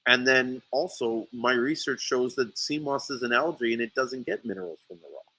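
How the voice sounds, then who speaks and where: A man recounting a feud in an animated, heated way, cursing freely and tripping over his own words. His voice is bright and forward. It sounds like a casual podcast conversation. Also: medium pitch, moderate pace, husky, dry recording, poor audio. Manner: animated storytelling, swears often, many restarts. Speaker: sea moss seller. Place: St. Lucia.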